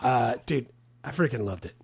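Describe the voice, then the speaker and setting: A man's voice: mid-range voice, expressive, moderate pace, husky, dry recording. A man co-hosting a podcast in casual movie chat, laid-back, laughing often and saying "dude" a lot. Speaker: podcast co-host.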